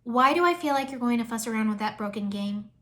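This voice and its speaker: Woman doing a dry unconvinced ninja girl, bright clear voice. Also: a little high, fast talker. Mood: skeptical. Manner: dry, questioning. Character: sharp skeptical young female ninja.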